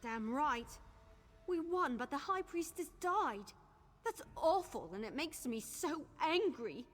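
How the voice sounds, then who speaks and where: A woman's voice: high voice, sing-song, slow, a bit bright, in a large hall, exaggerated voice. An actress playing an emotional, outspoken young woman mourning a friend in a video game. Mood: grieving. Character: grieving, fiery young woman, the priestess's friend. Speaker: game character.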